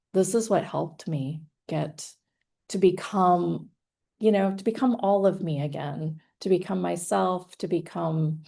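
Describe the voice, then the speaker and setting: A chatty woman guest speaker with a lowish voice and a gravelly edge. She talks casually and sounds self-amused, laughing between her thoughts as she gives an online presentation. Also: a little mellow. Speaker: guest speaker, hypnotherapist and author.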